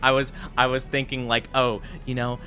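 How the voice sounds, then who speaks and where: A man's voice: medium pitch, flat delivery, moderate pace, sharp tone, soft background music. A man streaming as a VTuber, chatting playfully with his viewers and laughing easily. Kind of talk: casual live-stream chat with viewers.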